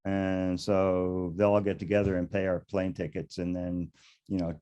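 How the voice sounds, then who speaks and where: Man, low voice, mellow, rambling chuckling storyteller, older. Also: level tone, normal speed, smooth, muffled recording. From United States. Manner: rambling, chuckling, with frequent restarts. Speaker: interview guest, beekeeper. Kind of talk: casual storytelling interview.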